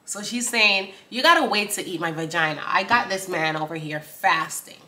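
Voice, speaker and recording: Young woman chatting about a song, lively, bright voice, kinda low. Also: moderate pace, hardly any pauses. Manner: animated, quoting lyrics in a rhythmic chant, laughing. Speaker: song breakdown host. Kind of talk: casual reaction commentary.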